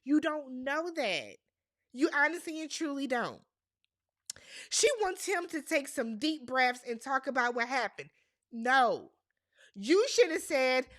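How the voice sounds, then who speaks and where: A woman's voice: sits high, animated, measured pace, a bit bright. A woman doing a casual, exasperated recap of a reality TV episode and talking straight to the people on screen. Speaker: recap host.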